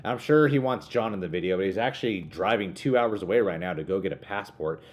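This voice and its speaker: A man's voice: sits low, expressive, fast. A man hosting a casual reaction video, joking and playful as he introduces a guest and plugs his channel. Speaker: host.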